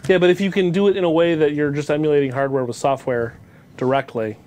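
A man co-hosting a casual podcast, often dropping in quick agreements. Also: fairly high pitch, steady tone, a little mellow. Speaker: podcast co-host.

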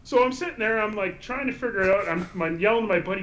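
Animated storytelling man, slightly high. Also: fast talker, slight background noise, rough recording. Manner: animated, full of restarts and "like". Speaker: guest documentary filmmaker. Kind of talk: casual storytelling in a podcast chat.

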